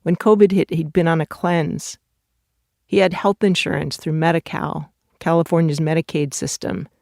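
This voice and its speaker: Gravelly, measured documentary narrator. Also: mid-range voice, fairly even intonation, darkish tone, dry recording, studio quality.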